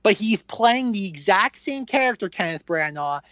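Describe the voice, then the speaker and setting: A man's voice: high voice, moderate pace, no echo, dull audio. A man co-hosting a film podcast, chatting casually and acting out his own reactions with jokes. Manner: animated, jokey, acts out his reactions. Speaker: podcast co-host. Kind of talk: casual chat.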